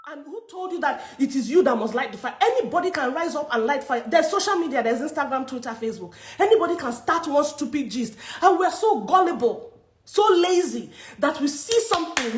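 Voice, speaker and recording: A Nigerian actress in an angry social media rant, scolding and repeating herself for emphasis. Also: female voice, high voice, reverberant. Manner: indignant, scolding, emphatic repetition. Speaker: actress speaking to her followers.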